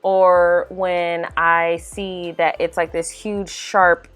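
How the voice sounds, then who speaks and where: A young woman chatting casually as a makeup vlogger, animated and full of "y'all" and "like.". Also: on the low side, very slow. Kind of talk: casual voice-over chat. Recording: faint music underneath.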